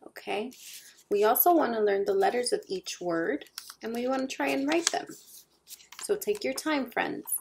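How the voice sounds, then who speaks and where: A woman teacher giving a children's lesson, speaking slowly and encouragingly and splitting words into syllables for young learners to repeat. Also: a little high, vocal fry, a little mellow.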